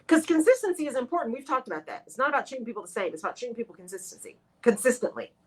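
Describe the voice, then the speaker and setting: A woman with a lilt hosts a motivational radio talk. Her voice sits a little high, and she talks straight to her listeners in an expressive, animated way. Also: very fast, breathy edge, low-quality recording. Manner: expressive, talks to listeners as "y'all", acts out her own inner voice. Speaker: radio show host.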